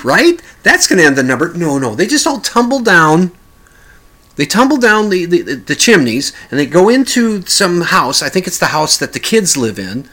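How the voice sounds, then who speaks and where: Rambling male podcast host, bright voice. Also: fairly high pitch. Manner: rambling, with many restarts and sung mock lyrics. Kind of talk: casual monologue.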